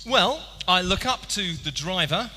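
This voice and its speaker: A man's voice: sits high, lively intonation, a little slow, pushed and bright, heavily acted. A man playing a brash, impatient office worker who dismisses detail, in a role-play on stage. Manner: dismissive, gushing about speed. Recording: reverberant hall, faint noise.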